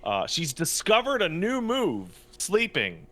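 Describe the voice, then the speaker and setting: A young adult man co-hosting a podcast in casual chat, an animated storyteller who acts out his quotes. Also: high-pitched, unhurried. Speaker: podcast co-host. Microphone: studio podcast mic.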